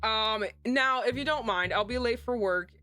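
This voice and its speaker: A woman's voice: a little high, normal speed, pushed and bright, soft background music. A woman reading as a weary young office man. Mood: weary polite. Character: tired disheveled young man, office worker. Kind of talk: reading game dialogue aloud.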